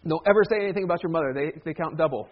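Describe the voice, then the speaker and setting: Pastor man, a touch high. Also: racing, lo-fi sound. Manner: conversational, with humorous asides. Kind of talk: sermon.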